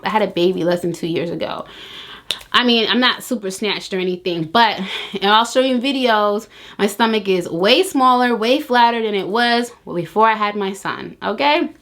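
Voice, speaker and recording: A young woman talks straight to her viewers in a sassy, animated vlog. Her voice sits a little high, and she teases them with playful slang. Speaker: vlogger giving weight loss tips. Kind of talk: casual chat to camera.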